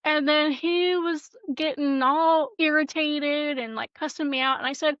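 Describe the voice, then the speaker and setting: A woman co-hosting a podcast and telling a story in a profane, animated way. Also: sits high, unhurried, dry recording, highs cut off. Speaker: podcast co-host. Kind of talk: casual storytelling chat.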